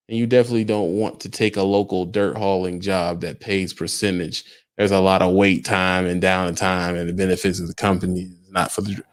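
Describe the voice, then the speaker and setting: A man's voice: deep voice, flat delivery, fairly quick. A young adult man, a truck driver, talking casually on a livestream, firing emphatic rhetorical questions at his viewers.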